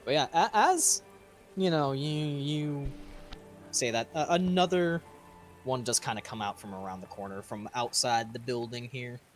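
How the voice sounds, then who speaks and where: A man's voice: medium pitch, normal speed, faint music behind. A man running a tabletop game as game master, casual and laughing, with frequent swearing.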